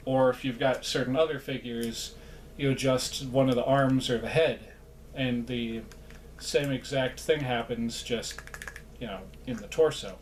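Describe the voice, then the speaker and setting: A man's voice: mid-range voice, measured pace, pauses often, slight background noise. A man chatting casually in a vlog, rambling and self-deprecating, with lots of fillers and asides. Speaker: vlogger.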